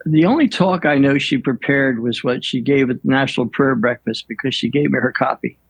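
An older man, a priest, telling stories in an unhurried, reflective way with many pauses and fillers. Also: mid-range voice, breathy edge, no room sound, rough recording. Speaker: priest guest. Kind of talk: storytelling in an interview.

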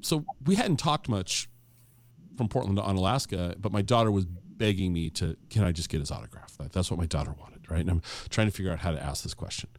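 A middle-aged man with a low-pitched voice tells a long anecdote fairly quickly and casually. He's animated, acting out the dialogue as he goes, and his speech is conversational with fillers and restarts.

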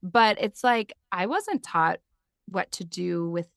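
A woman's voice: on the low side, lively intonation, slow, gravelly, no room sound, clean studio sound. A woman in her thirties, a podcast guest and mindfulness teacher, talking in a chatty way with lots of filler words. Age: 30s. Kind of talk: casual interview chat.

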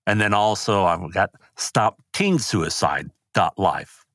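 An older man talks as an interview guest, his voice low and recorded dry and close. He speaks haltingly, with grief under the surface. When anger comes up, his voice rises sharply. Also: animated, fairly bright tone, no echo. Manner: halting, grief-stricken, voice rising when angry. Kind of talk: emotional interview talk.

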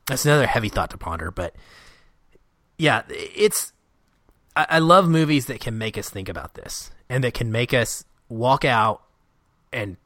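A man's voice: mid-range voice, expressive, moderate pace, long pauses, a bit bright, dry recording, studio quality. A man in a casual film discussion, reflective and earnest as he speculates.

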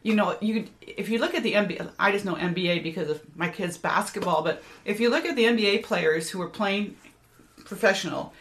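A woman's voice: medium pitch, a little fast. An older woman who is a parenting coach, talking as a guest in a casual podcast conversation and telling stories with emphatic energy. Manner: animated, emphatic storyteller.

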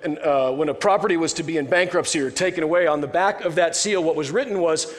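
A man's voice: a little high, quick pace. Man preaching in a reverberant hall. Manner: conversational, joking preaching with frequent restarts. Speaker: pastor. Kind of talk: sermon.

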